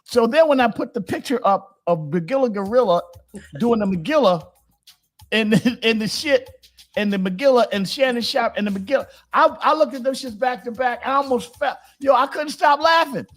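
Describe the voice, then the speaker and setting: A male host in casual comedic chat, animated and laughing often, cursing freely. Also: moderate pace. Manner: animated, laughing, cursing, jumps to high-pitched bits.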